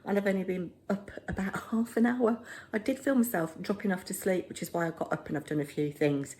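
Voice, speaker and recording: A woman's voice: medium pitch, brisk, a little mellow. A middle-aged woman vlogging at home. She is chatty and self-deprecating and rambles casually. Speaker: vlogger, drama teacher.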